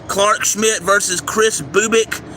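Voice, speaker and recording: A man hosting a livestream, reading out a game schedule and his picks in a steady list, sometimes stumbling over names, recorded outdoors near a railway. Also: sits high, takes it slowly. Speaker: livestream host giving baseball picks. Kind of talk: casual livestream commentary. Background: faint traffic and train noise.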